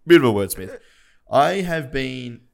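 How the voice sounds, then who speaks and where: A man's voice: mid-range voice, animated, measured pace, gravelly, a crowd in the background. A young man, co-hosting a podcast in casual, self-deprecating chat. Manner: self-deprecating, rambling with restarts. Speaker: podcast co-host.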